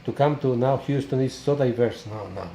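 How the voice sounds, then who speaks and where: Priest chatting, keeps adding "no?", warm mellow voice, echoey room. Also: male voice, medium pitch, normal speed. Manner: switches between English and Spanish, tag questions. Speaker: parish priest and host. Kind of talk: casual bilingual interview. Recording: echoey room, faint background noise.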